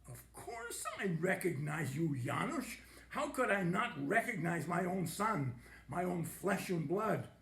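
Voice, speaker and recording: A man's voice: high voice, lively intonation, slow pace, gravelly, fairly bright tone, reverberant, exaggerated voice. A man reading the lines of a distraught elderly father, choked up and pleading.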